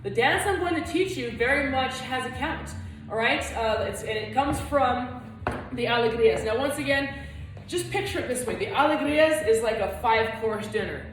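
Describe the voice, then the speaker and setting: A woman with a slightly high voice teaches a flamenco lesson at a moderate pace, chatting encouragingly and counting beats aloud while clapping and moving. The recording has background noise and an echoey room, with her voice coming from a distance.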